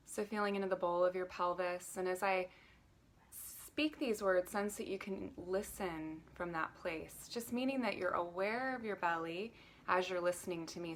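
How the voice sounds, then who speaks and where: Woman, self-love coach, gentle guided talk, lowish voice, calm pace. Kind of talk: guided breathing and teaching on a live stream.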